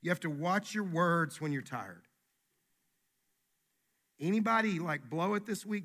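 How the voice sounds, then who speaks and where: A man's voice: sits high, animated, measured pace, pauses often, a bit bright. A man preaching a sermon as pastor, emphatic and folksy, repeating his key phrases.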